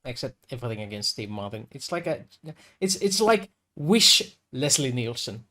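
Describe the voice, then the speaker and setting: A player chats and jokes before a tabletop game starts. The voice swings widely up and down in pitch. The talk is teasing and casual. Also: sing-song, normal speed, sharp tone. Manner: joking, teasing banter. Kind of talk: casual chat.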